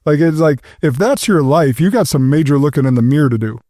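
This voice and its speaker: A man's voice: a little high, lively intonation, fast, warm tone, dry recording, clean studio sound. A man on a podcast panel making his point in casual chat, emphatic and repeating words as he builds his argument.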